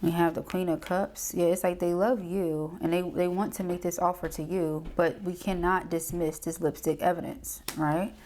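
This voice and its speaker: A woman's voice: lowish voice, level tone, normal speed, few pauses, mellow, a little hiss or hum. A woman doing a casual tarot reading, chatty and slangy, often checking in with "okay?". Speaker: tarot reader.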